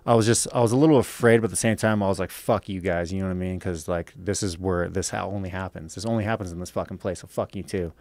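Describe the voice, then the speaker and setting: A man's voice: low voice, steady tone, fast, hardly any pauses, darkish tone, no room sound, studio quality. A man from Los Angeles, a podcast guest, telling stories casually with lots of cursing and a rambling "right?" habit. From Los Angeles, USA. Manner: profane, rambling with frequent "right?". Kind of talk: casual storytelling.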